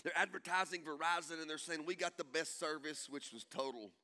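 A preacher man with a high, bright, ringing voice, delivering a sermon to his congregation. He swings between soft, hushed stretches and loud, shouted peaks. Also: fairly quick. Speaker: pastor.

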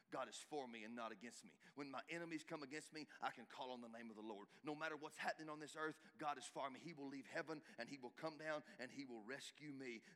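Pastor preaching in a reverberant hall. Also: male voice, mid-range voice. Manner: emphatic preaching with big swings from shouting to hushed. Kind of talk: sermon. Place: church hall.

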